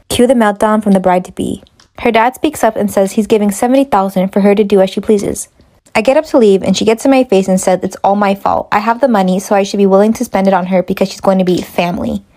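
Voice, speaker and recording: Brisk mellow-voiced woman reading a story. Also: mid-range voice. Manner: brisk, matter-of-fact.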